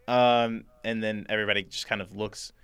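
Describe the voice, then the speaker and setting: Bright-voiced man running a tabletop game. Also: fairly low pitch, little pitch movement, clean tone, no echo. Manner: halting narration with many fillers, does character voices. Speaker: game master. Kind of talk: narrating a tabletop role-playing game.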